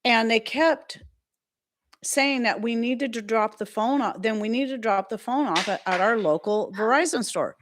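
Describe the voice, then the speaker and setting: A woman's voice: mid-range voice, animated, a little slow. A middle-aged woman chatting casually on her livestream, rambling from one story to the next and reading out viewer comments. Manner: chatty, rambling, reads chat comments aloud. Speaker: livestream host.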